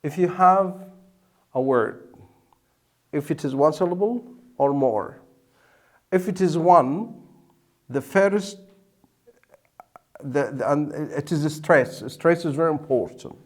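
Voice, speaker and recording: A male teacher explains grammar slowly and deliberately, repeating key words. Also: a little high. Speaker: English teacher. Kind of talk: explaining at a whiteboard.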